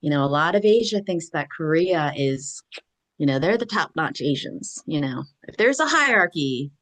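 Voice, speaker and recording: A woman from Pennsylvania co-hosting a podcast, telling lively anecdotes and acting out the voices of the people in them. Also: deep voice, moderate pace. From eastern Pennsylvania, USA. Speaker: podcast co-host. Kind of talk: casual chat.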